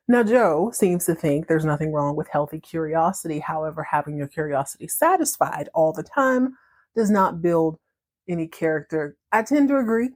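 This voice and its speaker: A woman hosting a podcast, recapping a story in a chatty, animated way and laughing often. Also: low voice, brisk. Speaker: podcast host.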